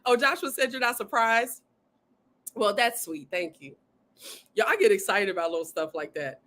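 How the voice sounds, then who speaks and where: A woman hosting a casual livestream, excitedly reading viewer comments aloud and often saying "y'all.". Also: mid-range voice, normal speed. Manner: says "y'all" often, Southern-tinged speech. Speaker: livestream host.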